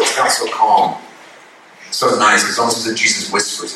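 A man preaching a sermon, building from calm teaching to shouted, passionate preaching. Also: mid-range voice, moderate pace, slight background noise. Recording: echoey hall from a distance.

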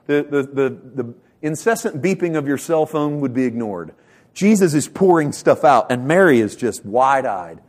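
A male pastor delivering a sermon with passion, swinging from loud bursts to hushed lines and repeating words as he builds emphasis. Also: medium pitch. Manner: impassioned preaching with sharp swings from loud to hushed.

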